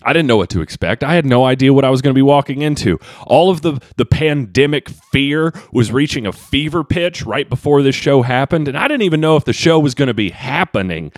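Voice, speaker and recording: A man's voice: fairly quick, hardly any pauses, dry recording, clean studio sound. A man hosting a solo comedy podcast, rambling and self-mocking, with a slight Southern twang from Kentucky. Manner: animated, jumps pitch for comic emphasis, self-mocking. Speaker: podcast host and stand-up comedian.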